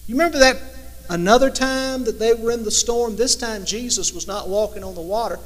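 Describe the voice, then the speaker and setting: A man preaching a sermon, rising to loud emphatic lines and dropping to hushed, slow ones. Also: high-pitched, long reverb tail.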